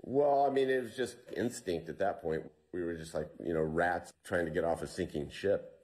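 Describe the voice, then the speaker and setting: A man with a very low, deep voice tells his survival story to an interviewer. He speaks in a loose, conversational way, full of fillers and restarts. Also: moderate pace, a little mellow. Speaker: interview guest.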